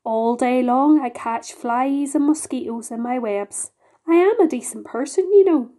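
A woman's voice: sits high, measured pace, warm tone. A woman voicing a sad, dignified lady spider who speaks in sighs. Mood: mournful. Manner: sighing, mournful.

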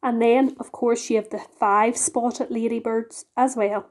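A woman's voice: a little high, steady tone, measured pace. A woman voicing a modest but proud female ladybird with a genteel, prim manner.

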